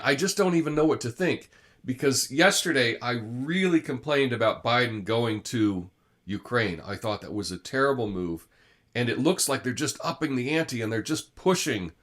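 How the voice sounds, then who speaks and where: A man's voice: medium pitch, lively intonation, moderate pace, fairly bright tone. A man hosting a live commentary show, talking through the news in a conversational way, with frequent fillers and restarts. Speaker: host.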